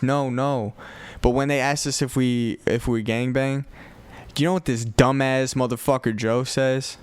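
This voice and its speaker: Smooth-voiced young Chicago man telling a story. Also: mid-range voice, a little slow. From north side of Chicago. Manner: profane, animated retelling with quoted voices. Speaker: podcast host. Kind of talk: casual storytelling.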